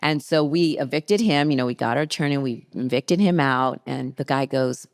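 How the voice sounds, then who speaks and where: A middle-aged woman, a podcast guest, telling a story in a lively, casual way and acting out the people in it. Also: a bass voice, moderate pace. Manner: lively anecdote teller who acts out quoted people.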